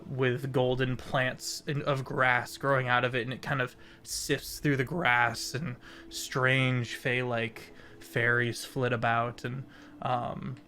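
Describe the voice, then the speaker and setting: A man's voice: mid-range voice, fairly bright tone. A man narrating a tabletop game as game master, describing scenes with many fillers.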